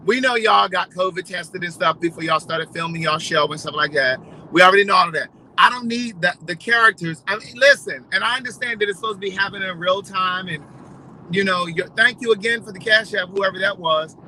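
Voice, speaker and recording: A man chatting casually to his viewers, telling stories in a gossipy, animated way. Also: high-pitched, slight background noise, low-quality recording. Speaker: vlogger. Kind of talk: casual storytelling chat.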